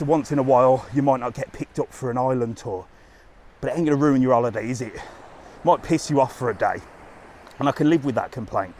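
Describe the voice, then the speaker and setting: A man chats bluntly and casually into a handheld phone during a live travel stream. He is outdoors on a seafront walk, and a faint hiss runs under his voice. His pitch sits in a middle range for a man. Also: a little mellow. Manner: chatty, blunt, slangy. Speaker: travel vlogger livestreaming.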